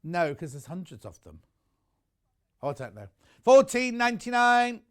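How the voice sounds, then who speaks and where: A man's voice: high-pitched, very animated, normal speed, smooth. A man presenting on a live shopping channel, chatty and enthusiastic, rambling into personal asides between prices.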